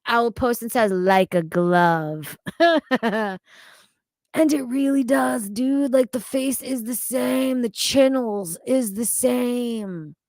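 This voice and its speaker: A woman's voice: fairly high pitch, slow, no room sound. A woman streaming casually, talking to her chat, swearing freely and laughing often. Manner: loud, profane, laughing often.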